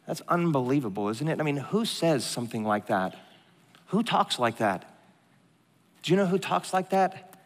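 A middle-aged pastor preaching a sermon in a large church hall, an animated, joking storyteller who drops to a hushed tone for serious moments. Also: male voice, medium pitch. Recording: long hall reverb.

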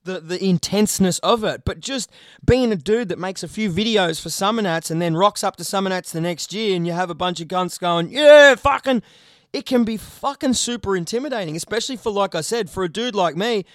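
Young Aussie male co-host, high pitch, dry close sound, sweary rambling casual chat. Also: a little fast, dry recording. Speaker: podcast co-host, video creator.

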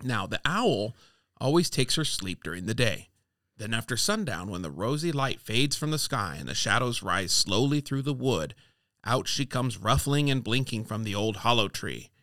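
A man reads short fables aloud for a podcast segment, playful and animated, his pitch leaping up and down as he voices the characters. The sound is dry and close, with no room echo. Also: normal speed. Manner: playful, reads quoted lines with lively voices. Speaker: podcast co-host reading fables. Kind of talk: casual chat and storybook reading.

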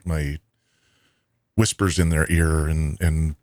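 A man with a very low voice talks through a TV episode with friends, summarizing scenes and acting out quoted lines at a brisk clip. The sound is close and dry, with no room around it. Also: steady tone, no room sound. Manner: recaps scenes and quotes dialogue at a fast clip. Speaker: podcast co-host. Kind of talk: casual chat recapping a TV episode.

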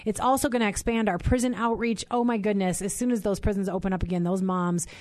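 Bubbly radio host woman, crisp dry sound. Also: mid-range voice, fairly even intonation, fast talker, darkish tone, no echo. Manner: bubbly, chatty, laughs often. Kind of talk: Christian radio talk show. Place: radio studio.

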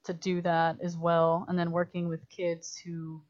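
A woman chats on a podcast in a low-pitched voice, spinning animated stories full of fillers and quoted dialogue. The audio is dull and lo-fi, like a budget podcast recording. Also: measured pace. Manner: animated storytelling, many "like"s, acts out quotes. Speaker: guest filmmaker. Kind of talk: casual podcast chat.

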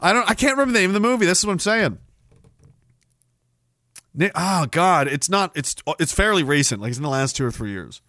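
This man's high, animated voice comes out a little fast and sounds pushed and bright, broken by long pauses. He is a podcast host reading chat on a casual livestream, rambling, swearing, and flaring into sudden mock outrage. The sound is dry and clean, like a studio.

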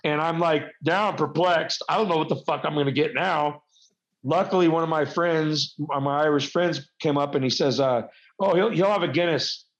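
A man's voice: fairly high pitch, fairly even intonation, normal speed. A man who wrestles, chatting casually as an interview guest and rambling through self-deprecating stories. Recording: dull lo-fi recording.

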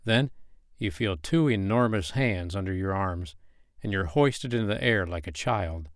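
Male narrator, low voice, dry close sound, unhurried second-person storytelling. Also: dry recording.

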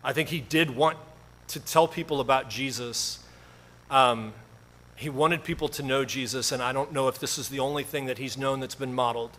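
A man's voice: mid-range voice, fairly even intonation, normal speed, fairly bright tone. A male pastor preaching a sermon in a conversational storytelling way, with self-deprecating humor.

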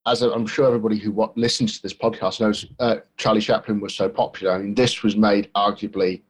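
A man's voice: lowish voice, fairly even intonation, quick pace, breathy edge. A man co-hosting a podcast, talking casually about a film with many restarts and fillers. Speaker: podcast co-host.

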